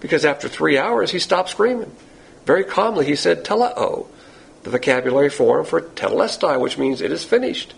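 A male preacher with a gravelly, husky voice that sits a little high for a man. He teaches in a blunt, emphatic way, asking rhetorical questions and knocking down the answers. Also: animated, fairly quick, rough recording. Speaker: pastor teacher. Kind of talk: sermon.

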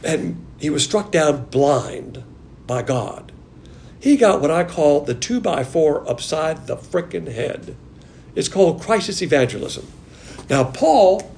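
A man preaching in a lively, conversational way, his voice pitched a little high and swinging up and down as he presses each point. A faint hiss and low rumble sit under the recording. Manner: animated, emphatic, conversational, with frequent laughs. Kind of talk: sermon.

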